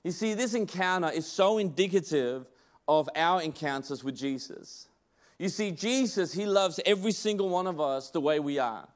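Male preacher, high voice, emphatic conversational sermon delivery with restarts. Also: expressive, moderate pace.

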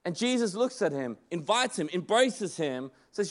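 Male preacher, high voice, emphatic conversational sermon delivery with restarts. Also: very animated, normal speed, fairly bright tone.

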